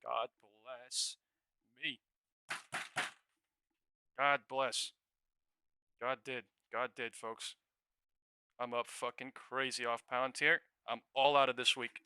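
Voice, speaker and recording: Young guy streaming day trades, super bright sharp voice, dry close mic, cusses a lot and gets hyped. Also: medium pitch, steady tone, takes it slowly, pauses often, smooth, no echo. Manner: swears a lot, bursts into shouting and laughter. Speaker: day-trading livestream host. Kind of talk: excited live trading commentary. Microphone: new studio mic.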